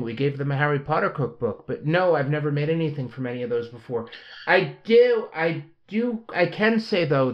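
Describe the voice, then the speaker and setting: A man hosting a casual podcast chat, telling stories and prompting his co-hosts. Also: fairly high pitch. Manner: chatty, storytelling, prompts the others. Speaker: podcast host. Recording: muffled lo-fi audio.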